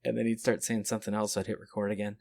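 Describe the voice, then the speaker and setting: Male host narrating plainly, a little low, dry close recording. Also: completely flat delivery, racing, vocal fry, a little mellow, dry recording. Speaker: podcast host.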